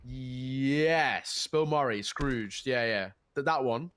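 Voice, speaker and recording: A man's voice: medium pitch, slow pace, fairly bright tone. A man with a cold, sounding nasal, casting an esports match in a chatty way, laughing easily and often restarting his sentences. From England, born in South Africa. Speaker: esports caster. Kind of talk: esports commentary.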